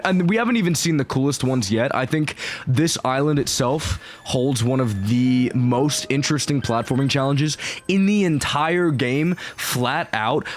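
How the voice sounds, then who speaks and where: A man giving casual, excitable gameplay commentary, rambling and swearing freely as he plays. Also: mid-range voice. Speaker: gaming YouTuber.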